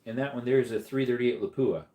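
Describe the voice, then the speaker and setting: A man's voice: medium pitch, fairly even intonation, a little fast, mellow. Male streamer, casual and chatty, reading chat from home; reverberant room sound. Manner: laid-back, chatty, answers viewer comments. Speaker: livestream host reading chat. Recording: echoey room.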